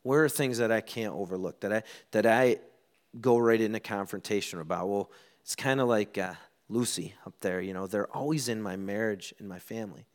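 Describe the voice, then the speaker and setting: A middle-aged man preaching a sermon, telling stories and acting out quoted lines with lively ups and downs. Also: on the low side, a little fast. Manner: animated storytelling, acts out quotes. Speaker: pastor.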